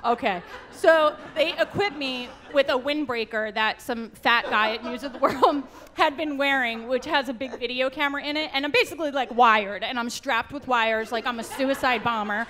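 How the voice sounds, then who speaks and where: A woman's voice: high voice, normal speed, few pauses, fairly bright tone. An American woman telling a long funny story at a live panel, laughing often and acting out the people she quotes. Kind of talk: animated anecdote at a live panel. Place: auditorium stage.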